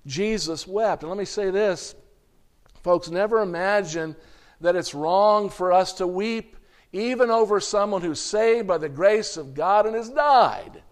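A man with a notably high-pitched voice delivers a sermon, reading long scripture passages aloud. He talks straight to the congregation as "folks," clearing his throat and restarting words as he goes. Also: unhurried. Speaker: preacher.

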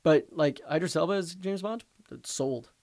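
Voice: mid-range voice, normal speed, darkish tone. A podcast co-host talking casually about movies, blunt and opinionated, swearing freely.

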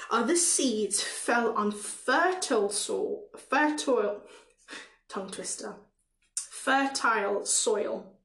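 A woman with a Caribbean accent teaches in a loose, unhurried way, reading a scripture passage and breaking off for little asides and fillers. Her voice sits a bit high, and the room around her is noticeably echoey. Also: creaky. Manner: relaxed, with frequent fillers and self-asides. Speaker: podcast preacher.

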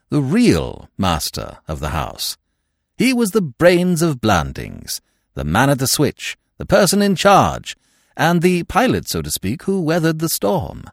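A man narrating a classic comic novel in an expressive, wry storytelling manner. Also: mid-range voice, dry recording, studio quality. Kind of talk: scripted audiobook narration.

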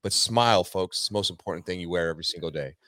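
A man with a fairly low voice speaks as a podcast guest, upbeat and motivational. The sound is dry and close, with no room around it. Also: very fast, bright, forceful tone, no room sound. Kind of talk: casual podcast chat.

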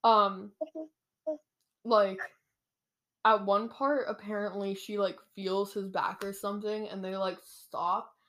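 A woman's voice: medium pitch, flat delivery, slow pace, long pauses, fairly bright tone. A young woman casually retelling a book's plot in a rambling, giggly way full of fillers. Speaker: storyteller. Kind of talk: casual chat.

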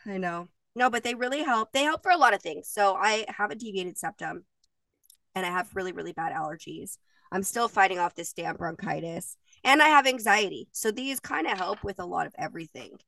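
A woman's voice: medium pitch, lively intonation, brisk, creaky, bright, forceful tone, dry recording, distant mic. A woman in her thirties, co-hosting a podcast and telling stories in a chatty, emotional way, laughing often. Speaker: podcast co-host. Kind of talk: casual chat.

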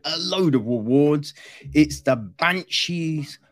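A man's voice: fairly high pitch, expressive, slow. A man chatting casually through a film review, rambling and often tossing in "right?" as an aside.

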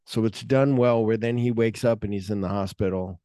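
Guy chatting on a film podcast, kinda low voice, lots of ums, dry sound. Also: steady tone, brisk, mellow, dry recording. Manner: rambling, searching for names with many fillers. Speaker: podcast co-host. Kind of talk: casual film podcast chat.

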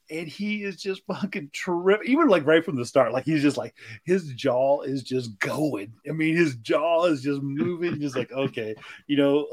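A man co-hosting a casual movie podcast, talking in rambling, filler-heavy runs with many restarts. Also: mid-range voice. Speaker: podcast co-host. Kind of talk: casual movie-review chat.

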